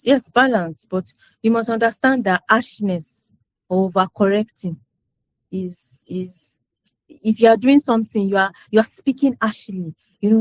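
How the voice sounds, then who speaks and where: A woman with a medium-pitched voice chats casually with a group during a parenting session, sharing parenting stories. She laughs as she talks, repeats herself, and keeps saying "you know" and checking in with "do you understand." There's no room sound.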